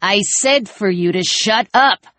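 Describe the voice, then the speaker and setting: Hostile scavenger man, sneering and curt, woman narrator puts him on, sharp and raised. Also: high-pitched, slow, no room sound, voice pushed up, exaggerated voice. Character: gruff male scavenger, menacing and hostile.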